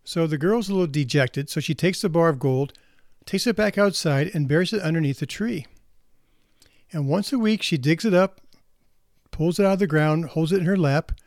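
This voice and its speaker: A man's voice: on the high side, normal speed, darkish tone, no room sound, studio quality. A man speaking earnestly as a counselor to parents, often restarting and repeating words as he talks. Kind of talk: reflective spoken talk.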